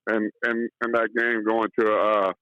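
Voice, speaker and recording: A man's voice: lowish voice, flat delivery, normal speed, no echo. Stammering male fan calling in. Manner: stammers and restarts, eager fan. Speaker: caller. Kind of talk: phone-in sports chat. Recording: muffled phone-call audio.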